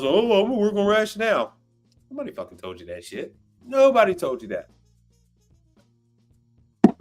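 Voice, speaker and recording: A man hosting a livestream, ranting bluntly and swearing in casual talk. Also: mid-range voice. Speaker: livestream host. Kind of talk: casual profane rant.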